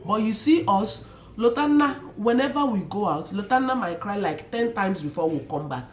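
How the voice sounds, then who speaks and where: A young Nigerian woman telling stories casually to her viewers with an animated, expressive manner and Pidgin asides. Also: medium pitch, normal speed, echoey room, a little hiss or hum. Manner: animated, mixes Pidgin asides, imitates loud shouts. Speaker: vlogger. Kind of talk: casual storytelling to camera.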